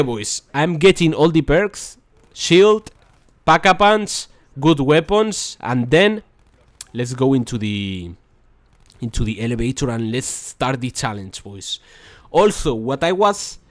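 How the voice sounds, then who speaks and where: There's no room sound on this dry close-mic recording of a young man hosting a gaming video. Somewhat high-voiced, he rambles through casual commentary on his gameplay, keeps saying "boys" and "that's crazy," and slips in frustrated asides.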